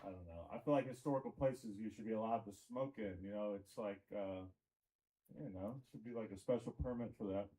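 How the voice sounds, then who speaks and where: A man's voice: lowish voice, fairly quick, warm tone, poor audio. A man from Tennessee doing a rambling stand-up comedy set in a comedy club, with crowd work and lots of fillers.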